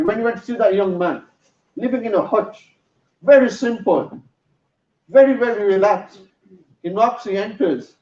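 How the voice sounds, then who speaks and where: A man's voice: high-pitched, darkish tone. A man giving a sermon, telling a story in an earnest way. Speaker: preacher. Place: mosque hall. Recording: roomy, distant, dull sound.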